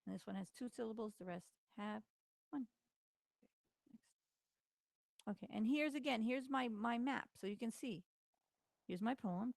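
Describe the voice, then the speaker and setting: A woman's voice: a little high, moderate pace, creaky, long pauses, darkish tone, no room sound. A tired woman teacher giving a casual recorded lesson, talking informally with lots of fillers. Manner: chatty, informal, many fillers.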